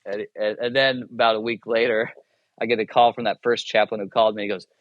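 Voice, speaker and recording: A man's voice: on the low side, little pitch movement, fast talker, no room sound, dull audio. A man telling a personal story as a guest in a casual interview, rambling and self-interrupting, chuckling often and acting out the dialogue. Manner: acts out dialogue in his anecdotes. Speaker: guest, military chaplain.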